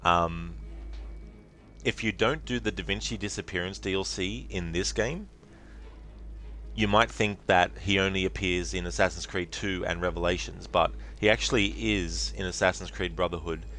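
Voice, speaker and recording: A man's voice: low voice, steady tone, normal speed, sharp tone. A man streaming a game live, chatting casually and rambling with plenty of fillers while thanking his viewers.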